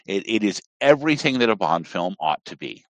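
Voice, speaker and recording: A man from Southern Appalachia in the US talks casually on a podcast, rambling and wandering off on animated tangents. His voice is fairly low and fairly quick, with no room sound.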